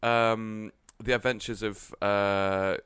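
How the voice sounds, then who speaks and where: Low, smooth-voiced man. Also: little pitch movement, slow, a bit bright, no room sound, studio quality. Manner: wry, rambling, prone to tangents. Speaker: podcast co-host. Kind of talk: casual film review chat. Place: podcast studio.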